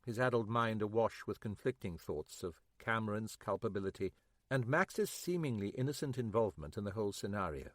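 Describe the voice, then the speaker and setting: A man reads a mystery audiobook in a steady, measured voice, shaping each sentence with a lively, varied pitch. The recording is close and bone dry. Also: no echo. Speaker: audiobook narrator. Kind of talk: scripted narration.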